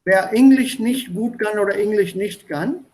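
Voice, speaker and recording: The voice sits high and moves at normal speed, with slight background noise in a low-quality video-call recording. It belongs to an Indian-accented man teaching German online who explains words with sequences of English synonyms.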